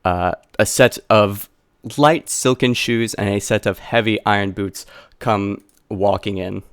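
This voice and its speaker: A man's voice: lowish voice, a little slow, fairly bright tone, clear, resonant tone, no echo, clean studio sound. A man narrating a tabletop game as game master, with a hesitant delivery full of fillers.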